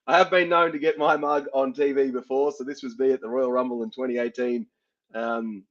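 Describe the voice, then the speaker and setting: Chatty Australian man, lo-fi sound. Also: mid-range voice. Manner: chatty, self-mocking, laughs at his own fumbles. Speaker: podcast host. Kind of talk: casual sports chat. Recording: dull lo-fi sound.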